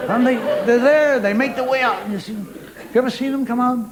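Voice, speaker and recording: A man's voice: very high-pitched, a little fast, crowd noise, noisy background. A man performing a wry, chatty stand-up monologue, talking straight to a live studio audience. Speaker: stand-up comedian.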